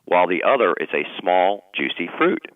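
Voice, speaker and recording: A man running a trivia segment on a sports radio show, reading questions with animated delivery. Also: low-pitched, normal speed, dry recording. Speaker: trivia quiz host. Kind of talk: casual on-air chat. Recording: tinny phone-like line.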